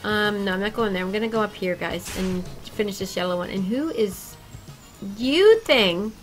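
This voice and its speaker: A woman chatting casually and excitably with her viewers while she plays a game on a livestream. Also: mid-range voice, normal speed, soft background music, poor audio. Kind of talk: casual gaming livestream chat.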